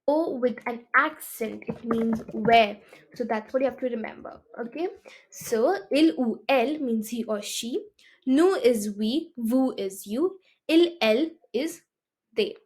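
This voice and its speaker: A woman teaching a beginner French lesson, explaining step by step and often checking with "okay?". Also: fairly high pitch.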